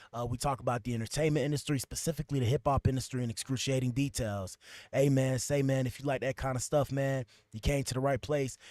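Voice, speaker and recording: A man's voice: mid-range voice, darkish tone, no echo, clean studio sound. Slangy man hosting a livestream podcast. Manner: loose, slangy, talks to the chat while fixing his stream. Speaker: podcast host. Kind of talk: casual livestream chat. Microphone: streaming setup at a computer.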